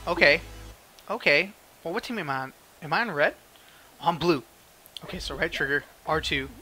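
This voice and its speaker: A man giving excited, animated commentary over his own gameplay, yelping and laughing at his mishaps. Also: on the high side, moderate pace, husky. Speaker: gaming video host.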